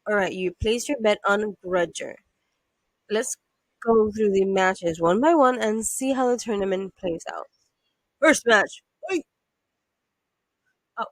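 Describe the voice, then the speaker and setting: A woman's voice: mid-range voice, no echo, rough recording. A woman giving playful, chatty let's-play commentary on a game, reading text aloud and humming to herself. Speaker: gamer.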